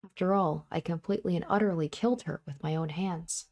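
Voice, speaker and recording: Lower-voiced woman reading a tense story. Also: fairly quick, darkish tone. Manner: intense, acts out breathless panting and repeated cries. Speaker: reader of a visual novel. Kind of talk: dramatic first-person story reading with asides.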